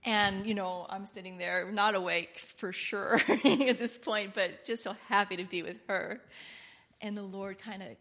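A middle-aged woman preaches in an informal, rambling way, her voice bright and forward. She speaks earnestly and swells into loud, impassioned passages. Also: medium pitch, steady tone, measured pace. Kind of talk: informal sermon.

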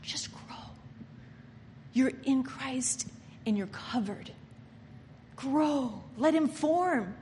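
Woman preacher, fairly high voice, impassioned sermon, soft murmurs to loud emphasis, long reverb, faint background hiss. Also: animated, drawn-out words. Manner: mocks people by acting out their inner voices.

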